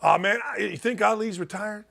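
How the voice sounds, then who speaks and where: High, bright, emphatic sports talk host. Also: male voice, normal speed, creaky. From Gary, Indiana. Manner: emphatic, folksy, digressive.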